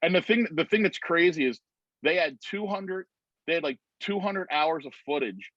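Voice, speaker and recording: A man telling an animated story on a video call, acting out the voices of other people. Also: fairly high pitch, normal speed, dry recording. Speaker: guest. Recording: dry muffled video-call audio.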